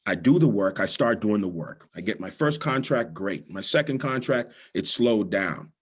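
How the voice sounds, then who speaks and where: A middle-aged Bahamian man gives a motivational talk as a guest speaker, a husky rasp running through his low voice. He tells personal stories and repeats his key lines for emphasis. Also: lively intonation, moderate pace. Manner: storytelling with repetition for emphasis.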